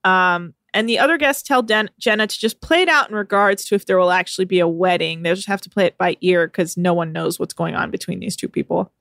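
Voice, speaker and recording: A woman co-hosting a comedy podcast, recapping a reality show with lively storytelling and deadpan jokes. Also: lowish voice, brisk, gravelly, hardly any pauses, dry recording, studio quality. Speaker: podcast co-host.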